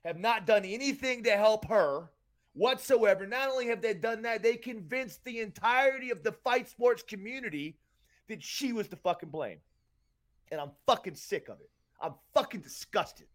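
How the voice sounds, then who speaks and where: On his podcast, this Tampa, Florida co-host goes on a heated, furious rant packed with profanity. His voice is high and fairly bright, with lively intonation and a normal pace, and he hammers every point home.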